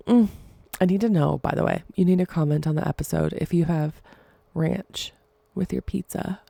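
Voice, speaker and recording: A woman's voice: on the low side, fairly even intonation, moderate pace, creaky, pauses often, warm tone, no room sound. A young adult woman hosting her own podcast, talking alone in a rambling, chatty way and often laughing. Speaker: podcast host. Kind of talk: casual solo podcast chat.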